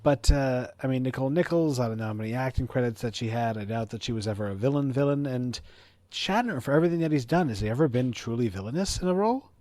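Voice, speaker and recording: A man co-hosting a podcast who talks in an opinionated, rambling way and drifts off on tangents. He has a mid-pitched, ordinary voice. The recording is dry and close. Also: animated, quick pace, warm tone, no echo. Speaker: podcast co-host. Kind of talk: casual podcast chat.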